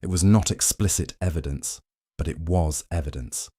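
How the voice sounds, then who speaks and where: A man narrates a sleep history story in a calm, measured way. His voice sits low and warm, with a dark, soft tone. The recording is close and dry, with no room sound. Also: no echo. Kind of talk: scripted second-person bedtime history narration.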